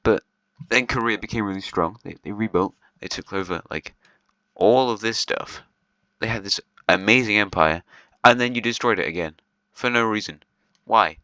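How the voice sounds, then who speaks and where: A man's voice: on the low side, normal speed, sharp tone, no echo, low-quality recording. A man giving casual, rambling commentary on a video series, chatty and half-joking, with lots of ums and restarts. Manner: half-joking, with short laughs.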